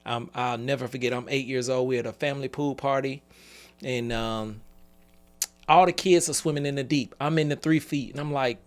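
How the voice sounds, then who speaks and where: A man's voice: mid-range voice, steady tone, moderate pace. A man in his forties giving an earnest motivational talk on a live call, telling stories and laughing between points. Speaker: business speaker.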